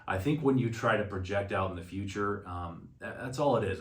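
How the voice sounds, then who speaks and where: A man with a very low voice speaks as a financial advisor, rambling through anecdotes in a relaxed, conversational way with plenty of restarts. He sounds set back from the microphone, and the room rings around him. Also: fairly quick, few pauses, reverberant, recorded from a distance. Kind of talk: casual market commentary.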